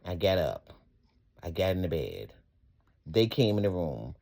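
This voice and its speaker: A man's voice: low voice, big pitch swings, a little slow, gravelly, a little mellow. A middle-aged man, giving a fervent, rambling personal testimony full of praise to God. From Atlanta area, US. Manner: fervent, religious, rambling, folksy. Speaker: storyteller recounting a personal event.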